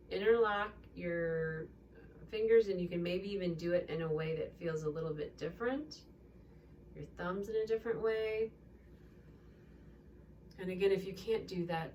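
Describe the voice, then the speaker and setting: A woman talks softly and very slowly, guiding a breathing exercise with a calm, unhurried manner. She sounds a little away from the microphone, with a faint hum of room ambience behind her. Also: fairly low pitch, distant mic. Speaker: movement and breathing instructor. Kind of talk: slow guided breathing exercise.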